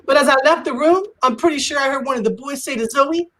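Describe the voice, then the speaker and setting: Her voice sits high and she talks fast during a live stand-up comedy set. The comedian, a woman in her forties, is animated and acts out dialogue with playful voices.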